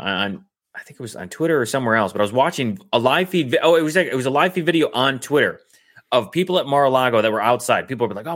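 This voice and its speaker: Male co-host, mid-pitched, casual rambling storyteller. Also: a bit bright. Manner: rambling storyteller, many fillers. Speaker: podcast co-host. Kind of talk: casual podcast chat.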